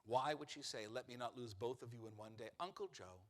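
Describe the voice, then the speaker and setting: A man's voice: medium pitch, a little fast. A man giving a sermon as rabbi, telling the story in a humorous, conversational way and asking the congregation questions. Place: synagogue sanctuary. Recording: long reverb of a large sanctuary.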